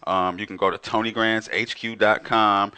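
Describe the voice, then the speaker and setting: A man's voice: lowish voice, fairly even intonation, normal speed, bright, forceful tone, clean tone. A man in his forties, a guest musician talking in a reflective, emphatic way and often restarting his words. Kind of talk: casual conversation.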